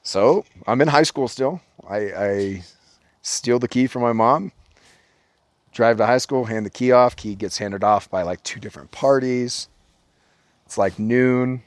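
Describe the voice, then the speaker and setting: A man from Orange County, California, telling a profane story as a podcast guest in a casual, animated way. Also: medium pitch, a little slow, no echo.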